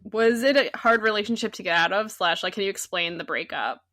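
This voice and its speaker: A woman's voice: mid-range voice, fairly quick, pushed and bright, no room sound, clean studio sound. A woman hosting a podcast, chatting casually with frequent giggles. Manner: giggly, conversational. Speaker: podcast host. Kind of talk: casual chat.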